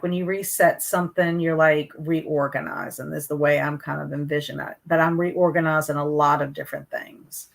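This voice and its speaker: Pitched fairly low, a woman runs a book livestream as a booktube host, reading out viewer comments from the live chat and chatting casually. She sounds chatty and hesitant, with plenty of fillers and restarts.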